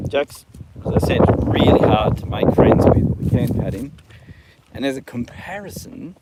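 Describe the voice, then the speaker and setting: A man's voice: mid-range voice, measured pace, pauses often, noisy background. A man with an Australian accent, live-streaming from a horse paddock on his phone, ranting and then chatting casually. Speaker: livestream host.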